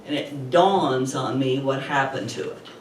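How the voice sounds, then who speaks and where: A middle-aged woman telling a personal story live to an audience, chatty and animated. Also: rumbling low, unhurried. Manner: animated, chatty retelling with laughs. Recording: roomy, distant mic with faint noise.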